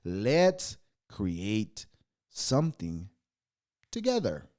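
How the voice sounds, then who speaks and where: A man's voice: lowish voice, huge pitch swings, extremely slow, darkish tone. A man hosting a solo podcast, reading ad and holiday copy aloud, stumbling over words, laughing at himself and swearing offhand. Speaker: podcast host.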